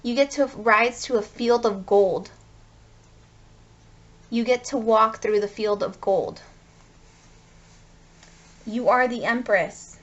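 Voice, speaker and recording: A woman's voice: a little high, takes it slowly, long pauses, muffled recording. A woman giving a tarot card reading, gushing and speaking straight to her viewers. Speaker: tarot reader.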